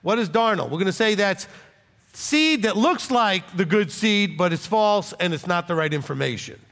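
A man's voice: sits high, lively intonation, moderate pace, fairly bright tone. A man preaching an informal Bible lesson in a blunt, combative, conversational way. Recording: long reverb.

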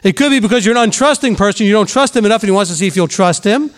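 A middle-aged preacher talks rapid-fire, his high voice animated throughout the sermon. He stresses points by repeating them and periodically plays out the chatter of gossiping folks.

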